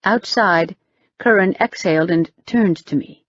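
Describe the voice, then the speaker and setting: A woman's voice: expressive, a little slow, dry recording, dull audio. A woman narrating a novel and reading all of its characters herself. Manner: reads all characters, rising in pitch for them. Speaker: audiobook narrator. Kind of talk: scripted narration.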